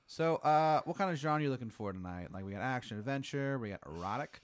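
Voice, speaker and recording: A man's voice: mid-range voice, expressive, quick pace, no echo, natural voice. A man voicing a cheery, menacing male clown who guides dreams, in chatty salesman patter. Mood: chirpy.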